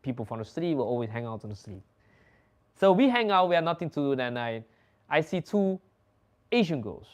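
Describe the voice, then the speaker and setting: With a voice on the high side, this young Dutch host talks fairly quickly but leaves long pauses. In his casual chat he's an animated storyteller, loose, swearing, and laughing.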